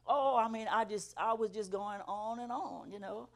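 A woman's voice: medium pitch, normal speed, vocal fry, hardly any pauses. A middle-aged woman giving an earnest church testimony to students, building to emphatic peaks. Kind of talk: testimony sermon.

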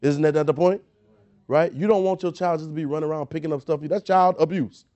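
A man's voice: on the high side, fairly even intonation, fairly quick, mellow, dull audio. A man preaching a sermon, emphatic and repetitive, asking rhetorical questions and often restarting his words. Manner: frequent word repetitions and restarts.

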